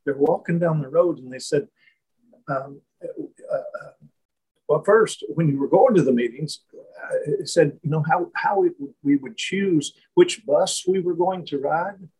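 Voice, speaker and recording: A man tells a reflective story as a guest in conversation. His voice sits a little high and sounds husky. He speaks haltingly, with many restarts and fillers. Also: a little mellow, rough recording.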